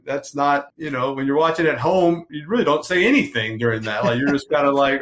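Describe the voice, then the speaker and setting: A man's voice: fairly high pitch, brisk, hardly any pauses, fairly bright tone. Rambling retired quarterback, man. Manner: rambling, self-correcting, lots of fillers. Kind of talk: casual interview talk.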